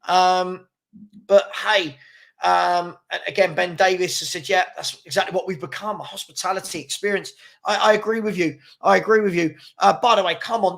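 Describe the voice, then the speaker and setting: A man's voice: sits high, vocal fry, a bit bright. A man hosting a casual livestream, rambling, repeating words and reading out viewer comments. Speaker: fan channel host.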